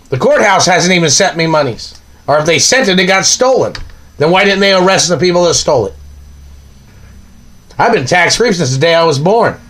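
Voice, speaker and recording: A man's voice: fairly high pitch, fairly bright tone. A man delivering an angry, accusing monologue, ranting and firing off repeated questions.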